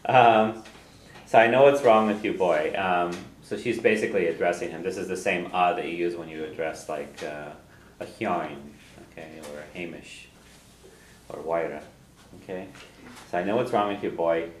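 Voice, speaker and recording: A man's voice: low voice, steady tone, moderate pace. A man teaching a language class, patiently explaining and repeating phrases for his students, chuckling now and then. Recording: roomy classroom echo, faint noise.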